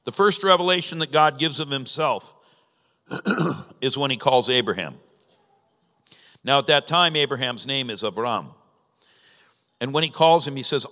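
A man's voice: mid-range voice, lively intonation, unhurried, long pauses, pushed and bright. A man preaching a sermon as pastor, teaching in a conversational way with emphatic rises. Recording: long reverb of a large hall.

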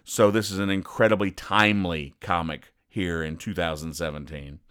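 A comedy podcast host with a low, steady voice at normal speed, a bit bright and smooth. He explains comic strips in dry, sarcastic, deadpan commentary, briefly acting out the characters' lines.

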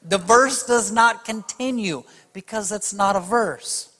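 A man's voice: sits high, takes it slowly, fairly bright tone, in a large hall. A man preaching a sermon, emphatic and speaking straight to his audience. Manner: emphatic, addresses the audience directly.

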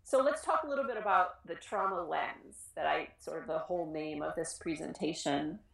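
A woman who works with children in schools, giving an informal talk on trauma, earnest and animated, often restarting her sentences. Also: deep voice, moderate pace, vocal fry, echoey room. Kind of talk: informal educational presentation.

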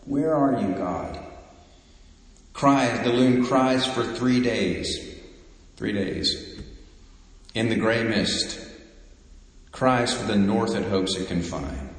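A low-voiced man delivers a sermon at an unhurried, measured pace. His words ring out through a large, echoing church, with a long tail of reverb after each phrase. He builds to fervent emphasis on key lines. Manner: slow, deliberate, rising to fervent emphasis. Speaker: preacher. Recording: echoey hall with long reverb.

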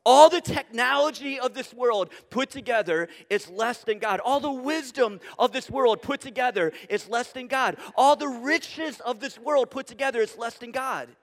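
A male pastor with a high, light voice delivers a sermon, pressing each point home with emphatic repetition and rhetorical questions. His voice rings out with a long reverb trailing through a large church hall. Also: normal speed, few pauses. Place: church sanctuary before a congregation.

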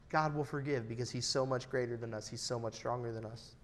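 A man's voice: mid-range voice, fairly even intonation, fast talker, few pauses. Earnest man preaching a sermon. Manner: earnest, personal, varies loudness for emphasis. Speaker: pastor.

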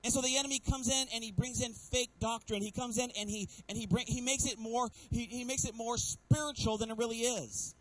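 A man's voice: extremely high pitch, fairly even intonation, brisk, hardly any pauses, a bit bright, no room sound, low-quality recording. A male pastor preaching a sermon to a congregation, calling for amens and acting out the voices he quotes. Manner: preaching with call-and-response asks to the congregation. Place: church sanctuary.

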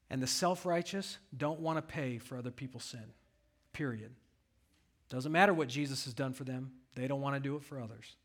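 A man's voice: a little high, a bit bright. A pastor preaching a sermon, reading scripture aloud and asking his congregation rhetorical questions.

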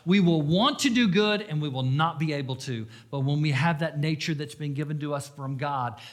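Earnest preacher man, fairly high voice. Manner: earnest, swings between loud emphasis and hushed confession. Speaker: pastor. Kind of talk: sermon.

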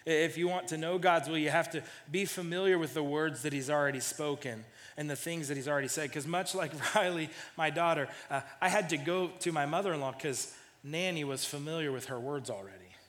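A man's voice: a little high, fairly quick, a bit bright, big-room sound. A man in his thirties preaching a sermon in a casual storytelling way, often repeating the first words of a phrase. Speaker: pastor.

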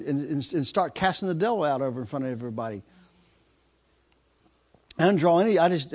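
A male preacher telling a story in a sermon, acting out screams and laughter as he goes. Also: sits high. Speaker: traveling preacher.

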